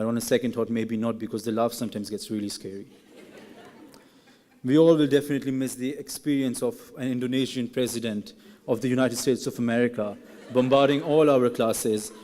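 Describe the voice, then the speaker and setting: A man's voice: medium pitch, a little mellow. A young man, a graduating student, giving an earnest and teasing ceremony speech at a podium microphone in a large hall. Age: young adult. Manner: earnest, then playfully teasing classmates. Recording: reverberant hall.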